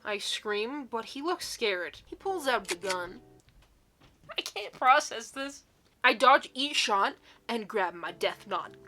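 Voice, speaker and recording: A woman's voice: fairly high pitch, very animated, takes it slowly, bright, forceful tone, a little hiss or hum. A young woman reading silly fan fiction aloud in a mock-dramatic way, often breaking into giggles.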